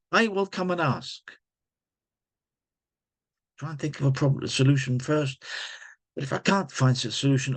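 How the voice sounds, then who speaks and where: A man's voice: medium pitch, slightly rough. A man hosting a podcast, talking bluntly and emphatically in a personal monologue. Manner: blunt, emphatic, repeats himself. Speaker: podcast host.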